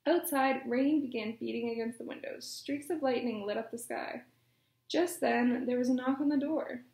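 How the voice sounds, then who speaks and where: A woman reading a children's storybook aloud in a gentle, measured way. Her voice is high with a gravelly fry, and the room gives it a noticeable echo. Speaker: storytime reader. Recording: echoey room.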